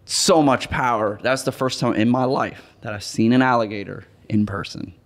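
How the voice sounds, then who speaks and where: A man's voice: medium pitch, normal speed. A man in casual podcast chat, laid-back and slangy. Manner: laid-back, says dude and bro.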